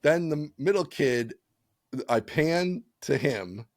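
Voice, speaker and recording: A man's voice: on the high side, takes it slowly, dry recording, clean studio sound. A man co-hosting a podcast, telling stories in casual chat and laughing often. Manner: animated storyteller, laughs often. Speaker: podcast co-host.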